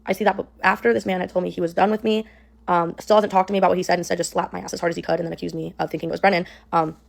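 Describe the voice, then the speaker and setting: Fast, gravelly young woman rambling. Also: fairly low pitch, flat delivery. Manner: rambling, heavy use of "like" and "um". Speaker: storyteller in a played clip. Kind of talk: casual storytime.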